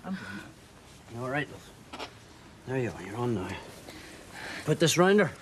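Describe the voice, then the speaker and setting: An actor playing a blustering, hot-tempered husband and father in a TV soap, talking with emphatic, lively delivery. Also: mid-range voice, takes it slowly, background noise. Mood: soothing. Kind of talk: TV soap acting.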